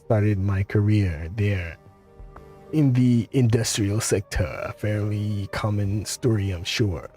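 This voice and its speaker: A man voicing a cultured, polite male tinkerer in a video game, speaking in a pleasant, measured and faintly ironic way. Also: fairly low pitch, dark tone, soft background music.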